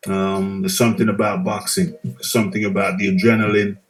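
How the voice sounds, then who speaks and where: A man hosts a live boxing talk show, his voice sitting low and fairly level. He muses casually and reads viewer comments aloud in a relaxed way. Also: a little fast, rough recording. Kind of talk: casual live-stream chat.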